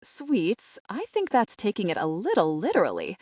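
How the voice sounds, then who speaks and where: A woman's voice: mid-range voice, wildly swooping pitch, normal speed, darkish tone, no echo, studio quality. A woman reading an audiobook, voicing a nervous young groom who answers sheepishly and evasively. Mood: uneasy.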